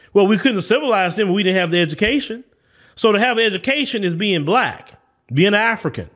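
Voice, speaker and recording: A man's voice: high-pitched, fairly bright tone. A man with a Southern US accent hosting an opinion podcast, talking in a preachy, emphatic, lecturing way. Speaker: podcast host.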